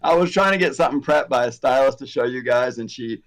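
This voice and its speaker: A man in his fifties hosting a casual chat about hair extensions, rambling and animated with many fillers and asides. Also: medium pitch, quick pace. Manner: rambling, animated, self-deprecating, frequent fillers. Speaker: hair extension educator, host.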